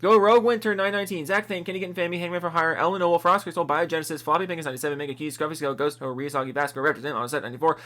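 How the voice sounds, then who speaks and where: A man from Seattle rattles off a long list of names at breakneck speed, pitched a little high. He is excitable and swears freely. He talks right into a close desk microphone. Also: racing, hardly any pauses. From US, Seattle area. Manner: excitable, profane, laughing at his own slips. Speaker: YouTuber reading out supporter names. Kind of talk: rapid-fire casual list reading.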